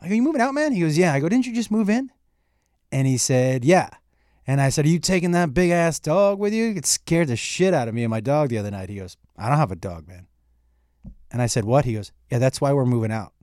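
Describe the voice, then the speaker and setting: A middle-aged comedian, appearing as a guest in a casual chat, tells a story at a fast clip in a medium-pitched voice. He's an animated storyteller who acts out the dialogue and swears freely, recorded in studio quality with no room sound.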